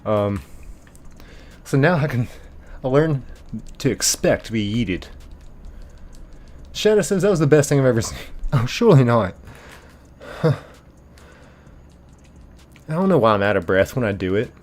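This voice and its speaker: Animated male streamer reading chat. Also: mid-range voice, measured pace, pauses often. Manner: animated, laughs easily, thanks viewers by name. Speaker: live-stream host. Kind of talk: casual live-stream chat, reading viewer comments aloud. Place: apartment bedroom.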